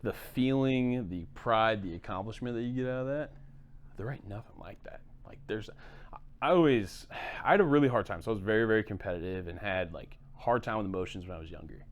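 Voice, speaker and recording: A man's voice: on the low side, brisk, dull audio. A man hosting a sports coaching podcast who talks conversationally and reflects on competition with frequent fillers. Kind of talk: casual podcast chat.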